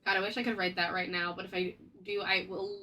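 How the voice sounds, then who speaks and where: A woman's voice: medium pitch, little pitch movement, fast talker, bright, forceful tone, rough recording. A woman live-streaming as an artist, chatting casually and greeting viewers over and over, her nose stuffy from a cold. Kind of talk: casual livestream chat. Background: faint background music.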